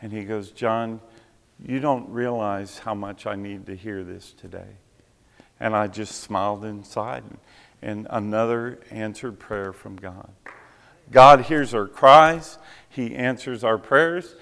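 A man's voice: on the low side, fairly even intonation, a little slow, gravelly, fairly bright tone. A man preaching a sermon, telling a personal story and acting out the voices of people he quotes. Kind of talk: sermon testimony. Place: church sanctuary. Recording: long reverb of a hall.

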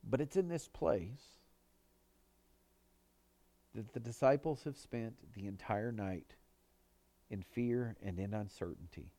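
A male pastor preaching a sermon in an earnest manner, pushing his voice up for emphasis and dropping it low on quoted words. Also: slow pace, pauses often, warm tone, dry recording.

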